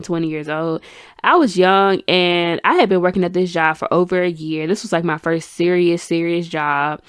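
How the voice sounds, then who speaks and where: Young woman host, lowish voice, animated storyteller, dry close sound. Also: clear, resonant tone, no echo. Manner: animated, chatty, addresses listeners as y'all and honey. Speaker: podcast host. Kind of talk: casual storytime chat.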